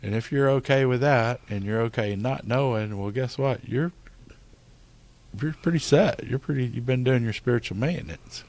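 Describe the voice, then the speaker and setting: Mid-range and a little mellow, a middle-aged man's voice moves at a normal speed. As a podcast co-host, he talks casually but sincerely about faith and recovery, often saying "you know."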